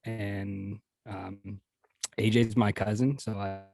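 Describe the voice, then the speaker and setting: A man's voice: on the low side, little pitch movement, slow pace, vocal fry, darkish tone, no echo. A man chatting as a guest on a podcast, rambling and swearing casually, laughing often.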